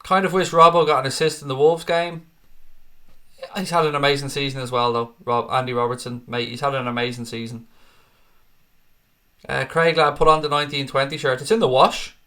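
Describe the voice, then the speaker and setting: A man's voice: mid-range voice, fairly even intonation, a little fast, bright, forceful tone. A tired man hosting a football fan live stream, chatting casually and answering viewer comments by name, calling them mate.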